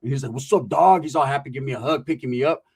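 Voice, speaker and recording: A man's voice: mid-range voice, fairly even intonation, racing, slightly rough. A man telling a profane comic story, acting out the people he quotes. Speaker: storyteller comedian.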